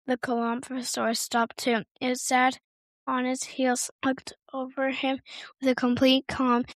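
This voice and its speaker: High-voiced woman reading a storybook. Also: completely flat delivery, unhurried, dry recording. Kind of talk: storybook narration.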